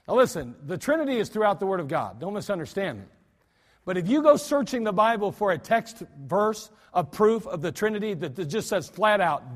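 A male pastor preaching a sermon in a church, emphatic, often restarting his sentences. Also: high voice. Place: church sanctuary. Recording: long church reverb.

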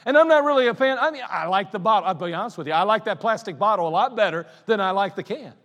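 A male pastor preaching a folksy sermon, telling stories and swinging from loud to quiet. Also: high voice, animated, quick pace. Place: church sanctuary. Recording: long hall reverb in a church.

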